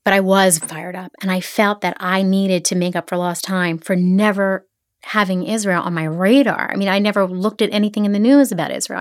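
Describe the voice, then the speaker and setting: A middle-aged woman from the Philadelphia area, a podcast guest, chatting casually and telling stories with quick asides. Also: medium pitch, dry recording, clean studio sound. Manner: animated storyteller, quick asides. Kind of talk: casual interview chat.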